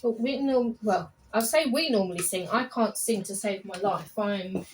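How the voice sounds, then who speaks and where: A woman's voice: mid-range voice, normal speed, a little hiss or hum, rough recording. A woman in her fifties, a salon client, chatting casually and telling rambling stories. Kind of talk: casual chat. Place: barbershop.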